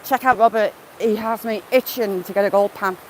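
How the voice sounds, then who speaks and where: A fairly quick, mid-range female voice carries this casual live-stream walk along a wooded river, where she chats and greets viewers by name. The recording is low quality and has faint outdoor noise behind it.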